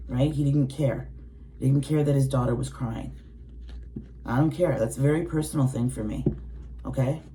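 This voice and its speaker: She's a tarot reader in her forties, venting to her viewers with blunt feeling, heavy swearing, and impressions of other people. The voice rumbles low with a warm tone, and there is slight noise in the background.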